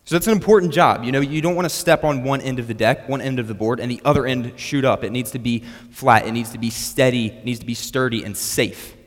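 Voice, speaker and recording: A man's voice: medium pitch, steady tone, fast, few pauses. Man preaching a story in a reverberant hall. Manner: storytelling, repeats words when restarting. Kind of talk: sermon with personal story.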